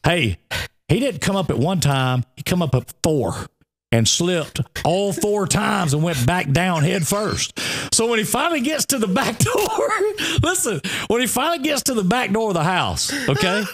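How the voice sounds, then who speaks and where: A man's voice: high voice, moderate pace, slight background noise. A man, co-hosting a radio show and telling a long funny story in casual chat, often breaking into laughter. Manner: animated, laughing storyteller with a Southern drawl.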